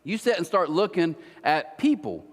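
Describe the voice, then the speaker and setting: A man in his forties preaching a sermon, telling stories with lively acted-out quotes. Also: a little high, normal speed, big-room sound. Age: 40s. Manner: animated storytelling, acting out quotes. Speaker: pastor. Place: church auditorium.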